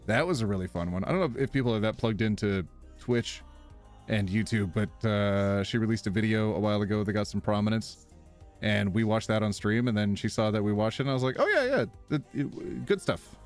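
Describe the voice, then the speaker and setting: A man's voice: on the low side, fairly quick, soft background music. A man live streaming, chatting casually with viewers, reading their messages aloud and laughing often. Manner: animated, reads chat aloud and laughs a lot.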